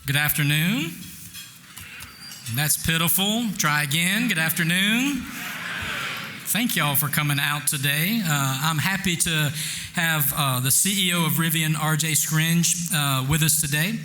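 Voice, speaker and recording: Casting: Southern-accented male host, fairly high, bright voice, self-deprecating, faint noise. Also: unhurried. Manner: friendly, self-deprecating, drawling. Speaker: event host and interviewer. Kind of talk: casual folksy introduction.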